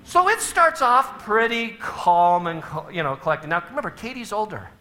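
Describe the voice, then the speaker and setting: A man's voice: high voice, very animated, moderate pace, pushed and bright. A middle-aged man speaking to a live audience, telling humorous family stories and acting out the scenes with big swings in his voice.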